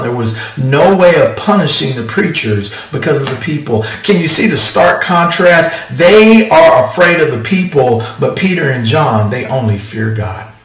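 A man preaching an animated, emphatic sermon, firing off rhetorical questions to his congregation. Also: medium pitch, echoey room, far from the mic, rough recording. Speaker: pastor.

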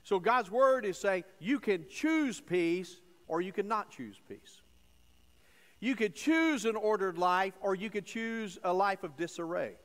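A man preaching a sermon in a church, folksy and emphatic, dropping to low asides and rising to loud stressed phrases. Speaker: pastor. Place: church sanctuary. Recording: long church reverb.

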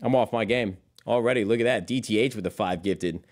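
Rambling young man streamer, low voice. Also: brisk, darkish tone. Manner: rambling, swears freely, calls chat "brother". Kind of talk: casual live-stream chat.

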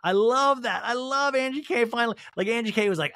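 A man hosting a podcast, giving an animated, comedic recap of a reality show and acting out every quote in voices. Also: very high-pitched, a little fast, few pauses, dry recording, clean studio sound. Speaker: podcast host.

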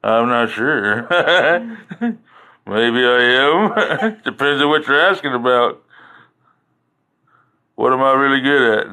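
A man's voice: medium pitch, lively intonation, slow, pauses often, bright, forceful tone, smooth, low-quality recording. A man hosting a casual livestream, rambling from one joke to the next and chuckling often at his own stories. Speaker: livestream host.

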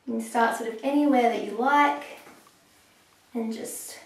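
A young woman talking through a hair tutorial step by step, a little hoarse as she is losing her voice. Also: fairly high pitch, distant mic. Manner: chatty, explaining step by step with pauses. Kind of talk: casual how-to talk while working. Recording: echoey room, voice off-mic.

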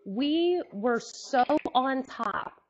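Quick, upbeat woman on a lo-fi webcam. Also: high voice, expressive, slight background noise. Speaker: co-host of a wrap-up show. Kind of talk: casual webcam chat.

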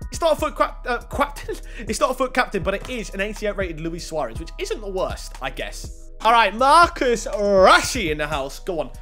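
A high-pitched young man talks through opening game packs, his voice leaping all over the place as he swings from disappointed groans to sudden yelps. The delivery is casual and excitable, with faint music playing underneath. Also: moderate pace. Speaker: gaming YouTuber.

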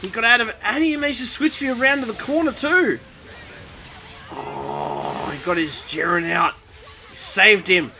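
A young man giving excitable, panicky commentary over his own fighting-game match, taunting his opponent. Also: high-pitched, measured pace, creaky. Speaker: gaming YouTuber. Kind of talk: live gameplay commentary. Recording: game music behind voice.

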